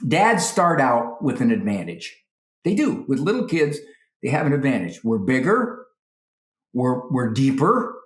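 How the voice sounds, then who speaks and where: A man, a psychologist guest, gives animated parenting advice and often acts out parents and children in quick voices. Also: medium pitch, reverberant.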